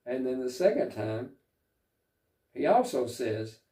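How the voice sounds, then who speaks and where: A man preaching a sermon, reflective and unhurried, pausing often with fillers as he reads and explains scripture. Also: mid-range voice, expressive, mellow, reverberant, far from the mic. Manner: slow, reflective, with frequent pauses and fillers.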